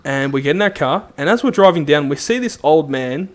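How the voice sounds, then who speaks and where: A young man, a co-host, telling an animated story in casual chat. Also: on the high side. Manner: animated storyteller, does quick voices in quotes. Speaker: podcast co-host.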